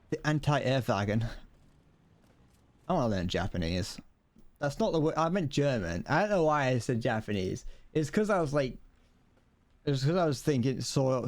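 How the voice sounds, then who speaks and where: A man's voice: mid-range voice, darkish tone. A young man chatting casually to his viewers while playing, swearing and laughing as he goes. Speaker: streamer. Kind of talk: casual gameplay commentary.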